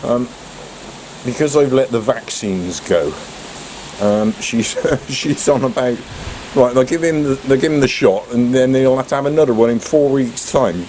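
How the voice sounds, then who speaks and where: A man's voice: medium pitch, normal speed, darkish tone, a little hiss or hum. A man with a British accent chatting casually outdoors, muttering to himself and his dog. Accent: British English. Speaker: vlogger. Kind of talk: casual vlog talk.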